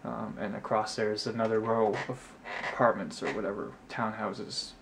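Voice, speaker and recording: A man's voice: fairly even intonation, moderate pace, creaky, background noise. A young man telling a story to his camera from his apartment, chatty and exasperated, rambling through the details. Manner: chatty, rambling, exasperated, mimics others in a high voice. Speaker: vlogger. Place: apartment room at night. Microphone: camera mic.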